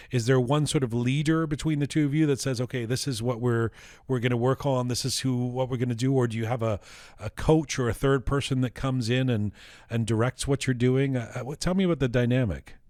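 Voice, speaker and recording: A man's voice: mid-range voice, brisk, a little mellow, dry recording. Playful man host, dry close sound. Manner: playful, probing, laughs easily. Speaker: interview host. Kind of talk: casual interview.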